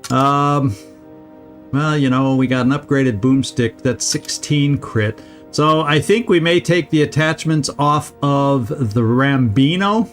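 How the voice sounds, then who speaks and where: A man's voice: medium pitch, takes it slowly, faint music behind. A man streaming a video game, giving casual let's-play commentary, chatty and often laughing as he talks to his viewers.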